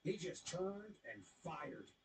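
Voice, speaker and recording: A man casually recapping baseball highlights, joking and voicing the players as he goes. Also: slow pace, a little hiss or hum. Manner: animated, jokey, voices the players.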